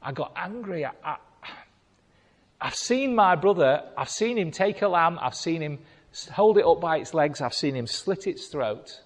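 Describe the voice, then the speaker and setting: A man's voice: on the high side, expressive, voice pushed up. Stammering repentant man confessing, hesitant and breaking off, long hall echo , as a preacher puts him on. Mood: pleading. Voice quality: halting, stammering. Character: remorseful man confessing to God.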